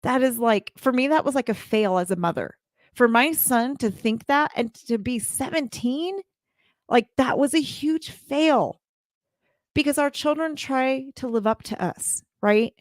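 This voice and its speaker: A woman's voice: high-pitched, a little slow, no echo, studio quality. A woman in her forties gives a heartfelt motivational talk to live viewers as a community leader, speaking earnestly and repeating her phrases.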